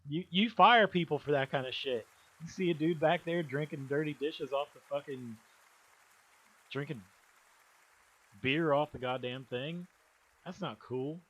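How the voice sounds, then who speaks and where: This livestream host has a slightly high, fairly bright voice, speaking a bit slowly with frequent pauses. His stories wander along casually and profanely, punctuated by laughing asides.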